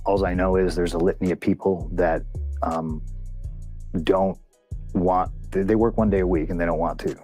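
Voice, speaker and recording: Male interview guest, lower register, candid and cussing, narrates a dispute with quoted back-and-forth. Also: steady tone, normal speed, darkish tone, faint music behind. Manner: profane, heated retelling with lots of quoted dialogue. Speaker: interview guest, pro wrestler. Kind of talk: candid storytelling in a long-form interview.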